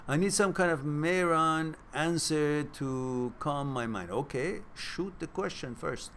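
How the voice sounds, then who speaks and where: Speaking slowly in a fairly high, bright voice, this host answers viewer questions on a relaxed live stream, over a little hiss or hum. He teases his audience, laughs a lot and thinks out loud, using fillers and restarting sentences.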